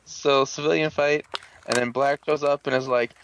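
A man hosting a casual, profane recap, sarcastic and rambling with many fillers and throat clearing. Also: medium pitch, steady tone, moderate pace, fairly bright tone, a little hiss or hum. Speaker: podcast host recapping a show. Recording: dull lo-fi dry sound.

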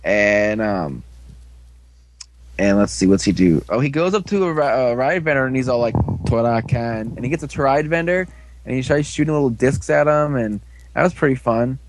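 A man's voice: mid-range voice, animated, moderate pace, slight background noise. A man casually recapping an episode as a podcast co-host, rambling with lots of fillers. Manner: rambling, filler-heavy storytelling.

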